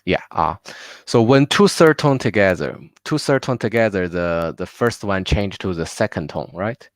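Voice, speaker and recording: A man's voice: low voice, lively intonation, moderate pace, no echo. A man teaching a live online class, patiently drilling words aloud with many fillers. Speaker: Mandarin teacher. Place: home.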